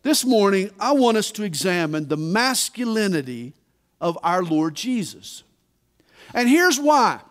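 A man preaching a sermon at a conference, deliberate and emphatic, with dramatic pauses. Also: high voice, big pitch swings, a bit bright. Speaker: pastor. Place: large conference hall. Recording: reverberant conference hall.

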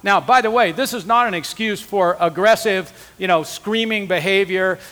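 A high, bright male voice preaching in an earnest, conversational way. He talks straight to the men in the room, and the sound rings with a long hall echo. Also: normal speed. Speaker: conference speaker. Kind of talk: sermon teaching.

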